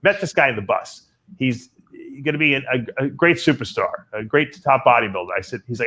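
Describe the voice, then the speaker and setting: Rambling, animated male podcast host. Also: mid-range voice, brisk. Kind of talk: casual radio show chat.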